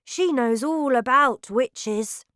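A woman voicing a calm, sensible young boy turned into a mouse, speaking patiently in a storybook reading. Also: high voice, takes it slowly, no echo, studio quality, voice pushed up. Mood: reassuring.

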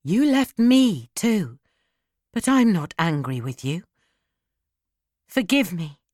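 A woman's voice: fairly low pitch, big pitch swings, slow, darkish tone, no room sound, clean studio sound, exaggerated voice. A woman reading an audiobook and voicing a dying young woman, wild, pleading and desperate.

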